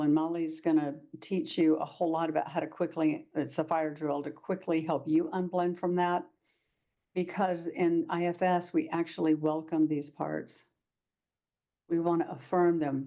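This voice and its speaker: A woman's voice: low voice, dark tone, dull audio. A woman presenting a workshop lecture to practitioners, talking in a conversational way and acting out short quoted exchanges.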